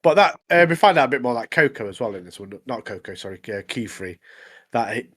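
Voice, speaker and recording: A man's voice: mid-range voice, animated, quick pace, fairly bright tone. A man, co-hosting a podcast and recapping episodes in an easygoing, often laughing way. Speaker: podcast co-host. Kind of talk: casual chat about anime episodes.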